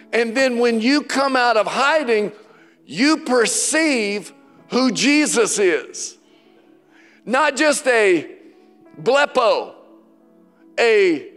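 A man preaching a sermon as pastor, passionate, swinging between loud declarations and hushed quotes from scripture. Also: high voice. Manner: passionate preaching, voice rising and dropping, quoting scripture dramatically. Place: church sanctuary. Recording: church hall with long reverb and faint music.

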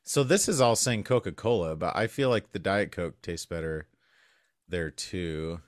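Man, podcast co-host, casual chat, quick asides, deep-ish voice. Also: no room sound, studio quality. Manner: chatty, opinionated, quick asides.

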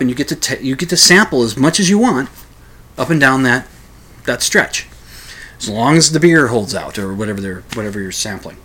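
A man from Minnesota tells a meandering story in a casual monologue. He often restarts and fills gaps with "uh" and "you know", and he pokes gentle fun at himself. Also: mid-range voice, slightly rough. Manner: rambling, with frequent restarts and fillers; wry and self-deprecating.

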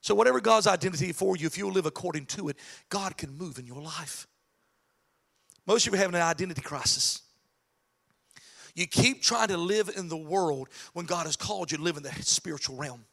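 A man preaching a lively sermon, swinging from shouted, chanted lines to soft asides. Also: high voice, a little fast, creaky. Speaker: pastor. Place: church sanctuary.

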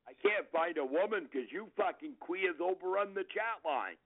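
A man's voice: high voice, animated, normal speed, no room sound. A man calling in on a played radio clip, ranting hostile and profane. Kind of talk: angry phone-in rant. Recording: tinny phone line.

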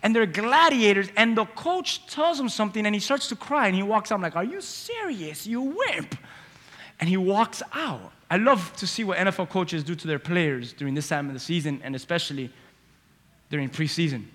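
A male pastor preaching a sermon in a church, swinging between loud emphatic lines and quiet asides, acting out little voices as he tells stories. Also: high-pitched, a little fast. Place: church sanctuary. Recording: long hall reverb. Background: congregation.

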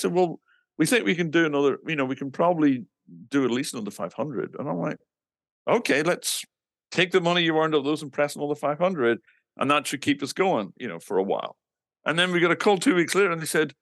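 Animated storytelling man, slightly high. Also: fast talker, no echo, clean studio sound. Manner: animated, acts out quoted dialogue, swears casually. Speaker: musician recounting his band's history. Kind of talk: casual anecdotal storytelling.

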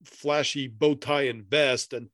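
A man's voice: medium pitch, fairly even intonation, slow pace, a bit bright, no echo. A man co-hosting a podcast in casual chat, rambling through his notes and laughing often. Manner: rambling, reads passages aloud, laughs often. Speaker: podcast co-host.

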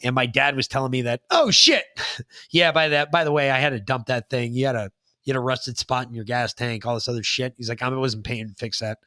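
A man's voice: medium pitch, steady tone, fast talker, sharp tone, no room sound, studio quality. A middle-aged man from New York State co-hosting a podcast, telling a story in a casual, profane way and acting out other people's lines. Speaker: podcast co-host.

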